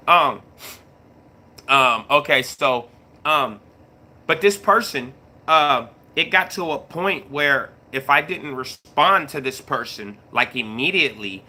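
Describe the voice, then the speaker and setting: A man's voice: mid-range voice, pushed and bright. A middle-aged man chatting casually on a livestream, greeting viewers and repeating himself as he talks. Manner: laid-back, repeats himself, greets chat mid-story. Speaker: YouTube live streamer.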